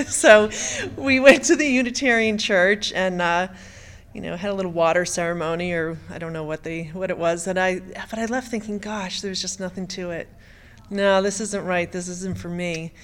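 Halting middle-aged woman telling her story. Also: lowish voice, fairly even intonation. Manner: halting, with frequent stammered restarts. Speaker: speaker giving personal testimony. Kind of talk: emotional personal testimony.

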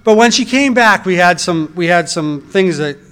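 Speaking at a normal speed in a high, expressive voice that's clear, resonant, and a bit bright, a middle-aged man who works as a reproductive endocrinologist tells his personal testimony like a conversational story, with wry asides and frequent restarts.

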